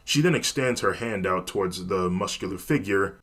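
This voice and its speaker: A man narrating a fan story in a plain, even storytelling manner. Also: low-pitched, normal speed, husky.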